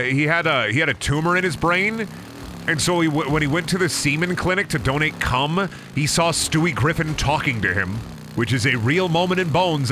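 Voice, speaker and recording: Young guy streaming a game, swears a lot and riffs, bright voice that jumps all over. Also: mid-range voice, a little hiss or hum. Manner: profane, riffing, mocking. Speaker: streamer playing a video game. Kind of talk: casual gaming commentary.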